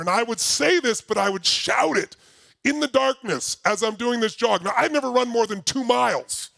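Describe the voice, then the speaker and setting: Older male workshop speaker, animated storyteller, dry close recording. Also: extremely high pitch, normal speed, creaky, no room sound. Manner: energetic storytelling, shouts repeated phrases. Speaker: motivational speaker. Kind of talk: workshop talk to a live audience.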